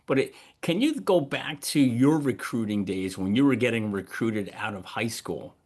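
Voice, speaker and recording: A man's voice: mid-range voice, animated, normal speed, darkish tone. A man with a mid-range voice hosts a podcast interview. He talks casually and loosely with plenty of "you know," piling one question on top of another. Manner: casual, chatty, stacks several questions in a row. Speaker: podcast host.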